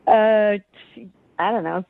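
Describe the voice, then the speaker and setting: A woman's voice: medium pitch, fairly even intonation, slow pace, vocal fry, dry recording. A woman on a phone call to a radio show, giggly and a bit hesitant as she describes a date. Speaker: caller. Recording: tinny phone line.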